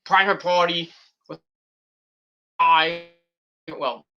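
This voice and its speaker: A man's voice: fairly high pitch, fairly even intonation, extremely slow, lo-fi sound. A man giving a rambling, profane and exasperated review of a wrestling show. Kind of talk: casual rant review.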